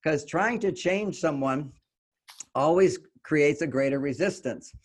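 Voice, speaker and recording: Higher-voiced older man explaining earnestly. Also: a little slow. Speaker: relationship author, guest. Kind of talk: conversational interview.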